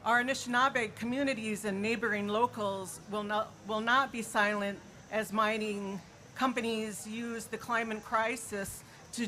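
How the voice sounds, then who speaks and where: Earnest woman rally speaker, bright tone, faint outdoor noise behind. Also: mid-range voice, rough recording. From Minnesota, US. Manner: earnest, reading with fillers. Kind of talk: outdoor protest speech.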